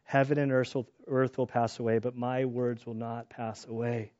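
A man preaching a sermon in a casual, conversational way, telling personal stories and getting animated when excited. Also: mid-range voice, normal speed, lo-fi sound. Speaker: pastor.

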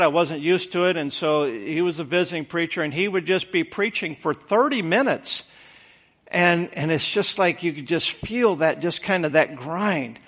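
A man's voice: fairly high pitch, a bit bright. A man preaching a conversational sermon in an earnest, folksy way, repeating words for emphasis.

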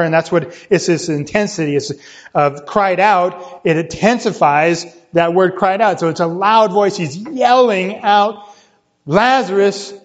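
A man preaching a sermon, explaining scripture and often checking in with "right?", climbing higher when he stresses a point. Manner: teaching, often checks with "right?", rises in pitch for emphasis. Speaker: pastor. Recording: dull lo-fi sound.

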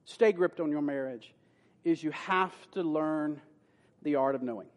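A man's voice: a little high, unhurried. A man pastor preaching a sermon in a church, folksy and playful with sudden emphatic bursts. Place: church sanctuary. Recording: long hall reverb.

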